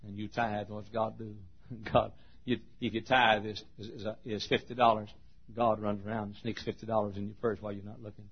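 A man's voice: on the low side, flat delivery, fairly quick, breathy edge. A man preaching a sermon in a folksy, emphatic storytelling manner. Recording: dull lo-fi sermon recording.

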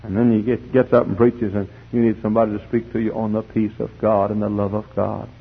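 A man preaching a fiery sermon in church, swinging from hushed pleading to shouting. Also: fairly low pitch, little pitch movement, a little fast, creaky, slightly rough. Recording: dull lo-fi tape recording.

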